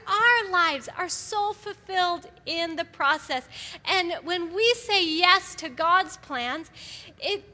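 A middle-aged woman giving an animated sermon to a gathering of women, often laughing as she speaks. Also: very high voice. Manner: animated, laughs often, acts out quoted voices. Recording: live hall with long reverb.

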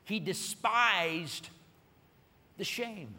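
A man preaching a sermon, telling a story with lively acted-out voices and rising to excited peaks. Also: sits high, drawn-out words, in a large hall. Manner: animated storytelling, acting out voices and building to shouted peaks. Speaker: pastor.

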